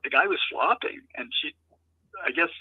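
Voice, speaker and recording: A middle-aged man, a program founder, telling heartfelt stories in an interview, halting and earnest. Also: on the high side, animated, husky, no room sound. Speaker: guest, founder of an adaptive lacrosse program. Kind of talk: interview storytelling. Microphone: remote call-in. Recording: tinny phone line, dry.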